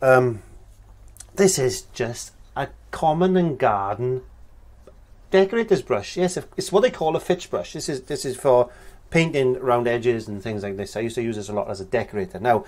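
A man whose voice is medium-pitched and darkish, moving at a moderate pace, guides viewers through a painting tutorial. His delivery is conversational, full of fillers as he reasons aloud mid-work.

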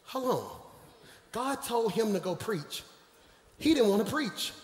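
A man preaching a live sermon as pastor in a large church sanctuary, joking with the congregation and swinging from low asides to shouted, emphatic preaching. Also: big pitch swings, normal speed. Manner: playful, jokes with the congregation. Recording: echoey hall with long reverb.

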